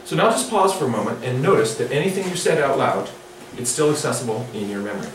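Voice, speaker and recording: A man's voice: medium pitch, fast, slight background noise. Chatty man lecturing in an echoey hall. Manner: chatty, animated, playful with the audience. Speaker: drawing workshop instructor. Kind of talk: live workshop lecture. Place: large echoey lecture room. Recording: echoey hall recording from far off.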